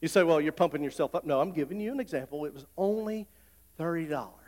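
A middle-aged male pastor, preaching a folksy sermon that swells into loud, repeated declarations. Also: on the high side, fast. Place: church sanctuary. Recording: long hall reverb.

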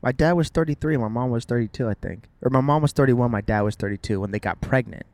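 A man's voice: medium pitch, quick pace, darkish tone, dry recording. A man in his thirties, chatting casually with his wife while driving, with playful jokes and asides. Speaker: vlogger, father. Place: car.

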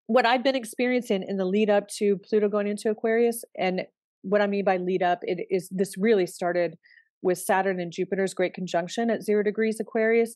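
A woman's voice: mid-range voice, a little mellow, dry recording, clean studio sound. A woman astrologer, likely middle-aged, talking in a candid, conversational way and swearing casually now and then. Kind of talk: casual spoken astrology talk.

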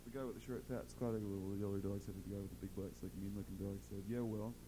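A man's voice: lowish voice, steady tone, rapid-fire, background noise. A man on a live stage telling a long folksy joke in a drawling, rambling way, full of fillers and repeats. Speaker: stage performer.

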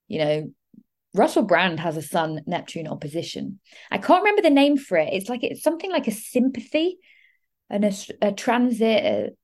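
A woman hosting an astrology podcast, talking fast in a rambling, digressive way with frequent asides. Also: mid-range voice, darkish tone. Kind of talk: casual solo podcast monologue.

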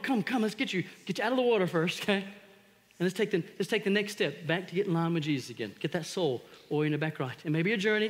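A high, bright male voice preaching with lively, swooping pitch. He tells stories animatedly and bursts into shouted re-enactments. The sound rings with long reverb from a church hall. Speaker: pastor. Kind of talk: sermon.

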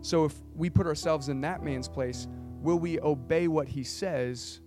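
A man's voice: a little high, measured pace. A man preaching a sermon in an earnest way, building to emphatic points. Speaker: pastor. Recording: guitar music playing behind. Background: guitar music.

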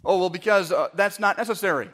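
A seasoned old sailor speaks in a calm, soothing way, handing out advice, as a preacher acts him out in a sermon. His voice sits fairly high for a man. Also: fast talker. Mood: reassuring. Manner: soothing, advising.

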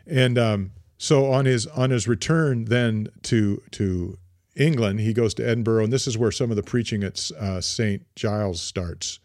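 A man's voice: fairly low pitch, normal speed, a little mellow, no room sound, clean studio sound. A man co-hosting a podcast, casually retelling history with lots of fillers and restarts. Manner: rambling, many fillers and restarts. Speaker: podcast co-host.

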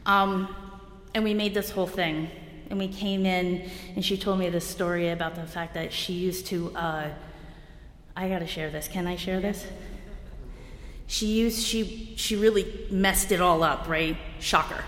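This recovery meeting speaker is a New Jersey woman whose fairly low, slightly bright voice stays fairly even and unhurried. She gives a blunt, wry, self-deprecating share, candid and punctuated by bursts of laughter, and the echoey hall adds long reverb.

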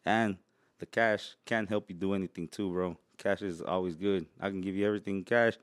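A man's voice: sits low, steady tone, brisk, no echo, clean studio sound. A man chatting casually as a podcast guest, laid-back, swearing and laughing often. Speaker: podcast guest, truck brand owner. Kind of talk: casual chat.

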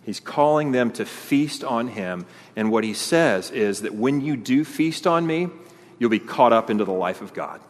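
A man's voice: mid-range voice, moderate pace. Preaching man, in a reverberant hall. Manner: animated preaching, acting out voices of the crowd. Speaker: pastor. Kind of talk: sermon.

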